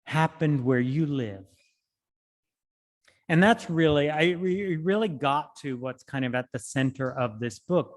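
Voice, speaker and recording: A male poet giving a reading, speaking in an unhurried, thoughtful way between and through his poems. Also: medium pitch. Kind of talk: poetry reading with spoken commentary. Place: library hall. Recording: long hall reverb.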